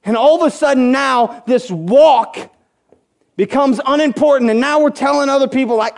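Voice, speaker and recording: A man delivers a sermon in a notably high voice. He rises to impassioned, near-shouted urging and drops into low, joking asides, acting out the voices he quotes. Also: normal speed, vocal fry. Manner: acts out quoted voices and jokes. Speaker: preacher; school coach.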